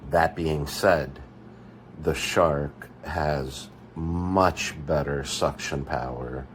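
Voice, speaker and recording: A man with a very deep voice speaks slowly and carefully, hesitating with fillers as he compares products. Faint noise sits behind him. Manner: measured, hesitant with filler words. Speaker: product reviewer.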